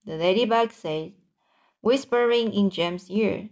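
A woman reads a children's book aloud at a very slow pace. She halts often and restarts words as she goes. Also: mid-range voice. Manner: halting, with frequent restarts. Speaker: narrator.

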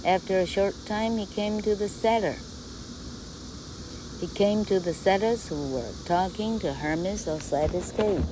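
A woman's voice: mid-range voice, a little slow, noisy background. A woman reading a myth aloud as a storyteller, reading a passage and then retelling it freely. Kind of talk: bilingual read-aloud storytelling.

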